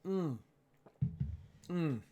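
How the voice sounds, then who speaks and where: A man's voice: fairly high pitch, lively intonation, extremely slow, warm tone, slight background noise. A man hosting a casual livestream, sarcastic and self-mocking, often breaking into laughter. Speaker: livestream host.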